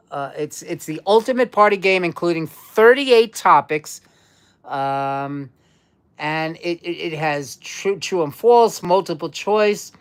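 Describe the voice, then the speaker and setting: A woman hosting a casual live-stream trivia quiz, chatty and repeating herself as she talks to viewers. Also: lowish voice. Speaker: livestream trivia quiz host.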